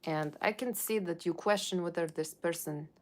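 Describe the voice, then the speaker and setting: A tarot reader slips into character as a sassy, brash fortune-teller with a fake Russian accent, bluntly reading cards for Halloween and teasing her viewers along the way. She speaks at a normal speed in a natural voice of fairly low pitch.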